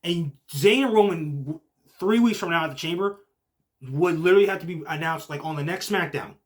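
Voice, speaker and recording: A young man hosts a casual show and recaps wrestling in an excitable, rambling way, full of fillers like "like" and "literally". His voice sits a little high for a man. He drops to low muttering, then jumps to shouting. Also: brisk. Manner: heavy use of filler like "like" and "literally". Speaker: podcast host.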